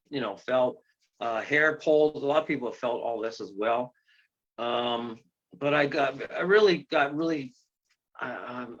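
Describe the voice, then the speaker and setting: A man, a guest who leads ghost tours and investigations, telling a long story in an interview, rambling with many fillers, restarts and excited exclamations. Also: medium pitch. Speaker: guest, ghost tour guide and paranormal investigator. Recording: dull lo-fi sound.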